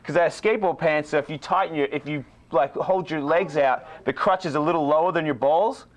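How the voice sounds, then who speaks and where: A man spins a rowdy anecdote in a slightly higher voice than most men, swearing freely and animated throughout. He breaks into laughter as he talks and keeps it loose and conversational. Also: fairly quick. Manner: profane, animated, laughs while telling. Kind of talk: casual anecdote telling.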